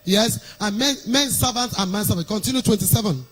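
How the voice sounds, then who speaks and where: A woman's voice: mid-range voice, fairly quick, soft background music, low-quality recording. A woman pastor with a Nigerian accent preaching a sermon in a sing-song cadence, reading scripture aloud between stories.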